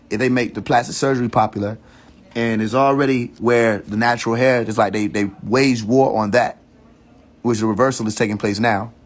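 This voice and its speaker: Heated man ranting on a livestream. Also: medium pitch. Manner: heated, preachy and profane, repeats warnings; thinks aloud with frequent restarts. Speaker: livestream host. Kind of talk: casual rant on a social media livestream.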